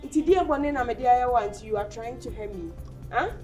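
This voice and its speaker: A woman's voice: a little high, normal speed, a little mellow, faint music behind, lightly acted. A woman with a Ghanaian accent acting as an upset young woman confronting her lover, pleading and accusing. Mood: hurt. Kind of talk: amateur drama acting.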